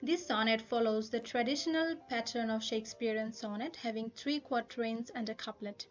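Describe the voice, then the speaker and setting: A woman lecturing on a poem in a careful, explanatory way, often pausing with "uh" as she works through her points. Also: fairly high pitch, lo-fi sound, soft background music. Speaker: literature teacher. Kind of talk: recorded poetry lesson.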